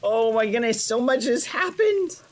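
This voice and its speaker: A man's voice: very high-pitched, big pitch swings, moderate pace. A young man streaming an in-character roleplay on a game server, gasping and exclaiming with joy on a close mic.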